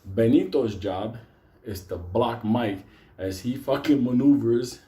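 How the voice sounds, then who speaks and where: A man spins a rambling comic tale for a live audience. He swears constantly and laughs between lines. His voice has a dark, mellow tone at an ordinary middle pitch for a man. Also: measured pace. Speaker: storyteller. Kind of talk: live comedic storytelling to an audience.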